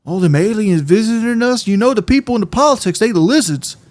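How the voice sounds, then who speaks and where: A man's voice: sits high, lively intonation, fast, a little mellow, pitched above the performer's own voice. A drawling elderly father, sure that aliens and lizard people run politics, as his son puts him on. The voice sits far above the speaker's own, with a changed, thinner tone. He is folksy and earnest, lecturing his boy.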